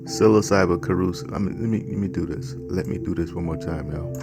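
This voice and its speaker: A man with a very deep voice chats in a laid-back, folksy way and reads aloud from his own novel. Steady music plays clearly under his voice. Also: a little fast. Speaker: author and vlogger reading his novel. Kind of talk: casual vlog chat and reading aloud. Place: home office.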